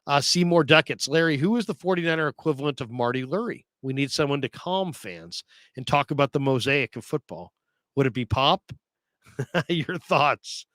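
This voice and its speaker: A man's voice: on the high side, lively intonation, normal speed, fairly bright tone, no room sound. A man hosting a casual sports talk show, reading viewer comments aloud and laughing often.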